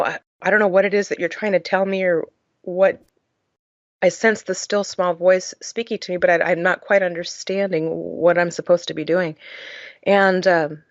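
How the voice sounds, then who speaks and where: A woman's voice: lowish voice, no room sound, dull audio. A woman guest on a podcast, earnestly telling her personal story in an emotional way, with frequent "uh" fillers. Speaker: podcast guest, charity founder.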